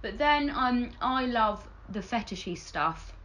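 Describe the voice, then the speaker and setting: A woman talks casually, frank and quick to laugh. Her voice sits a little high and has a bright, forward tone. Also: lively intonation, rough recording. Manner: frank, jokey, laughs often. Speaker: model, podcast guest. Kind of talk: casual chat.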